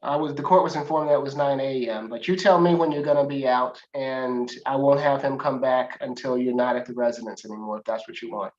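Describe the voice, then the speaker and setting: A man acting as judge at a court hearing, speaking in a measured, procedural way with fillers. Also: medium pitch, steady tone, a little mellow, dull audio.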